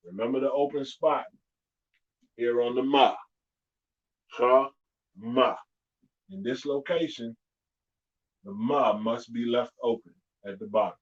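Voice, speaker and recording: A man teaching a live-streamed alphabet lesson, patiently repeating each sound slowly and clearly. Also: medium pitch, highs cut off. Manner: slow, drawn-out pronunciation drills.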